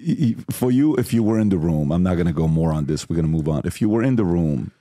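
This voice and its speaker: Fast-talking man hosting a podcast. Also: deep voice, expressive, mellow, no echo, studio quality. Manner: brisk, storytelling, steers the talk. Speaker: podcast host. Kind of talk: casual podcast chat.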